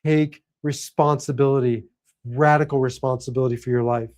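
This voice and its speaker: A man's voice: medium pitch, steady tone, moderate pace, darkish tone. A middle-aged man giving a motivational talk as a coach for men, earnest and preacherly, leaning on emphatic repetition. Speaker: host and life coach for men.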